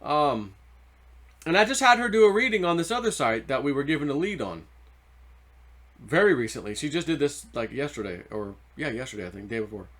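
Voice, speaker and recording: A man's voice: mid-range voice, expressive, brisk, fairly bright tone. A man hosting his own video channel, telling a long story in a rambling, loose way full of "like" and "you know". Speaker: treasure-hunting video host. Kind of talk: casual storytelling monologue.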